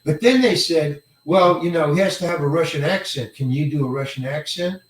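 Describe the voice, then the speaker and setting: An older male actor telling a career story in an interview, halting and rambling, often repeating words and chuckling. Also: fairly high pitch. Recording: roomy echo, mic set far away.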